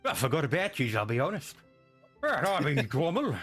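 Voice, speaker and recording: A man voicing a rowdy, drunken dwarf ship captain who laughs and shouts in gruff sailor talk. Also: on the high side, sing-song, moderate pace, soft background music, voice pushed up, heavily acted. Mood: jovial.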